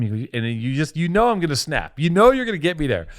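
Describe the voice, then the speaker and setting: A man co-hosting a podcast, swearing in casual chat and switching from heated ranting to quieter confessional talk. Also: medium pitch, sing-song, fast talker, few pauses. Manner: swearing, repeats words. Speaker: podcast co-host.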